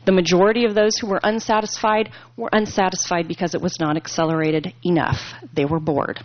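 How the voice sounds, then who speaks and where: A woman reading a prepared statement at a school board meeting in an earnest, measured, persuasive way. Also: fairly low pitch, no echo. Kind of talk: prepared public comment read aloud. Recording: dry, dull lo-fi meeting recording.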